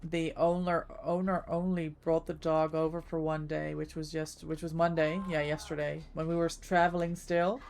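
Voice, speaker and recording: A woman's voice: low voice, flat delivery, moderate pace, gravelly, hardly any pauses, a little mellow, a little hiss or hum. A woman livestreamer chatting casually with her viewers while she plays, thanking them by name as she goes.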